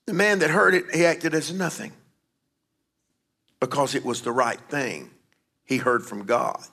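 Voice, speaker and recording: A man preaching a sermon, rising to emphatic calls and dropping low to tell stories. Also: measured pace, bright, forceful tone. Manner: emphatic preaching with sudden drops to a low confiding voice. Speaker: pastor.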